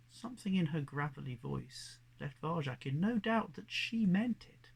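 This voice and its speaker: A man reading a children's novel aloud as narrator, measured and expressive. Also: a little high, creaky, slightly rough. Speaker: audiobook narrator. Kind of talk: storybook narration.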